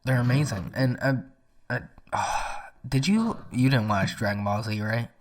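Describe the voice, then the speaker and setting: A man's voice: medium pitch, unhurried. A young man co-hosting a podcast in casual chat, jokey and teasing, sometimes dropping into a whisper. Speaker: podcast co-host.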